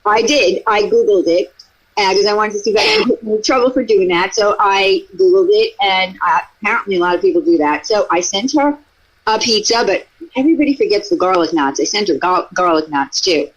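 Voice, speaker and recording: A woman's voice: mid-range voice, fairly quick, low-quality recording. A woman co-host telling a rambling, self-defensive story in a casual chat, with plenty of swearing.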